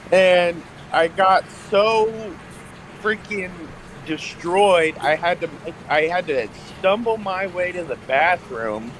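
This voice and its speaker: A man's voice: fairly high pitch, fairly bright tone, slight background noise, rough recording. A young man telling a personal story in a casual podcast chat, rambling with lots of fillers and restarts. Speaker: guest.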